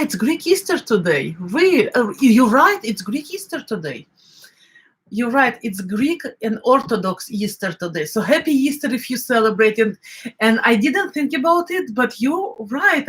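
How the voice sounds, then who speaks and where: A woman's voice: on the high side, a bit bright, low-quality recording. A middle-aged woman with an Eastern European accent talks through a home recipe in a loose, chatty way. She often stops to hunt for a word, filling gaps with ums before carrying on. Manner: chatty, searching for words, many fillers. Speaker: home cook. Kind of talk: casual cooking vlog chat.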